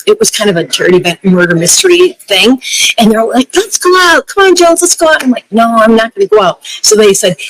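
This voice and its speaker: A middle-aged woman, a broadcast journalist, chatting as a guest and telling lively stories, laughing often and acting out the voices she quotes. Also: mid-range voice, no room sound, rough recording. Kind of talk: casual interview chat, storytelling.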